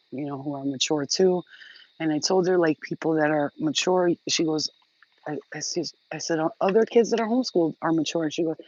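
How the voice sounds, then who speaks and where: A woman's voice: low-pitched, no room sound, highs cut off. Foul-mouthed woman ranting in a vlog. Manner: profane, rambling and animated. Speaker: channel host. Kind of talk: casual vlog storytelling.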